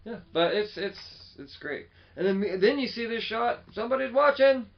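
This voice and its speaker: Animated, swearing podcast co-host. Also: male voice, high-pitched, moderate pace, lo-fi sound. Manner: animated, swears often, acts out quotes. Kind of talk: casual chat.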